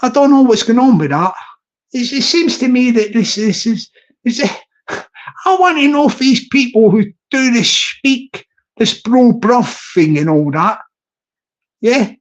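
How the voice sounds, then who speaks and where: A man's voice: very high voice, very animated, a little slow. A middle-aged man with a Scottish accent rambles in a casual live-stream chat as host, drifting between topics. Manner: rambling and digressive, with frequent restarts. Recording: slightly dull lo-fi recording.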